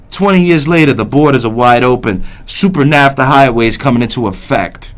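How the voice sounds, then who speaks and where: Male call-in host, heated ranting delivery, mid-pitched voice. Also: animated, brisk, hardly any pauses. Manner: heated, repetitive, swears under his breath. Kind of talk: ranting political call-in talk.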